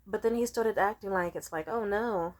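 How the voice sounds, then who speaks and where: A woman's voice: medium pitch, brisk, darkish tone. A woman vlogger in a casual storytime rant, rambling and swearing freely, with constant "like" fillers. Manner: profane, rambling, many "like" fillers.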